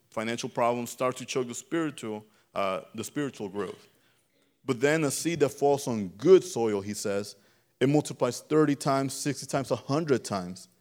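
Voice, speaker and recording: A man delivering a sermon, talking to his listeners like an ordinary conversation. His pitch sits in the middle. He restarts his sentences often, and he rises in volume whenever he wants a line to land. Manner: conversational, repeats words and restarts, swells louder on key phrases. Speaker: preacher.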